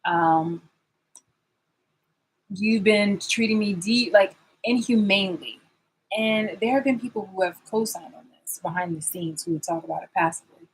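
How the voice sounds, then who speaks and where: A woman's voice: medium pitch, moderate pace, slight background noise, low-quality recording. A woman vlogger in a rambling, sarcastic rant, swearing and restarting her sentences as she calls people out. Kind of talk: confrontational vlog rant.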